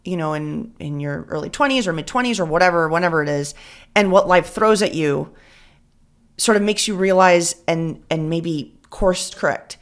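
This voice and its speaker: A woman co-hosting a podcast, talking reflectively with a pace that speeds up and slows down. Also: lowish voice. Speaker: podcast co-host. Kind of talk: casual podcast chat.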